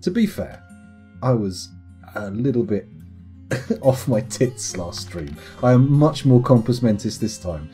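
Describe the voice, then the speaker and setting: A man's voice: mid-range voice, sing-song, unhurried, warm tone, soft background music. A young British man streaming a game, rambling and joking at his own expense in casual commentary. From United Kingdom. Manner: rambling, self-mocking, joking. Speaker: live streamer.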